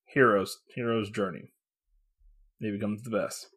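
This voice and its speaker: Animated, laughing man reviewing comics. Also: fairly low pitch, unhurried, breathy edge. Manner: animated, swears, laughs often, acts out characters' lines. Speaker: podcast co-host. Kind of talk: casual comic book review chat.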